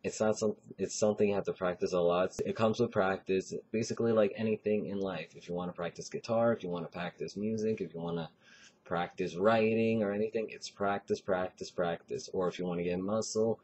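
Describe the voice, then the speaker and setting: A man talking casually in a vlog, giving advice in a relaxed, rambling way with lots of fillers. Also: low-pitched, lo-fi sound, a little hiss or hum.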